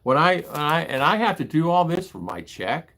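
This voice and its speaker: Gravelly older American man ranting. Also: on the high side, big pitch swings, normal speed, sharp tone. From United States. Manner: rambling, grows heated and indignant. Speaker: livestream host reading chat. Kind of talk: casual livestream chat. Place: home in the Philippines.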